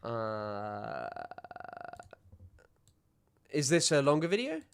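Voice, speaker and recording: A man's voice: medium pitch, sing-song, drawn-out words, clean tone. A male streamer giving casual, sardonic reaction commentary into a desk microphone.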